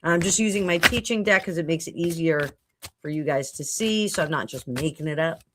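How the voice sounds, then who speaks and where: A middle-aged woman talks casually to her livestream viewers as a psychic, wandering through thoughts with lots of ums and restarts. Her voice sits on the lower side. A faint hiss runs under the recording. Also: brisk. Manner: rambling, thinks aloud with many fillers and restarts. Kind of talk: casual livestream chat answering viewer comments. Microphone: computer mic at a home livestream.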